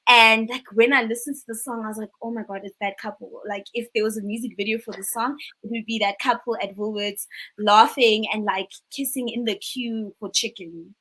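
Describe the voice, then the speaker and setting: South african woman host, chatty and animated, kinda high voice. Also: fairly quick, breathy edge. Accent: South African English. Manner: animated storyteller, expressive and lively. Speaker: podcast host. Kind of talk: casual chat.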